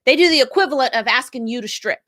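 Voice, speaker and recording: Casting: bright, fairly high-voiced woman as a chatty, upbeat live stream host. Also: expressive, fast. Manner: chatty, upbeat, greets commenters by name. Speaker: brand strategist hosting a live stream. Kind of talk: live stream talk to viewers.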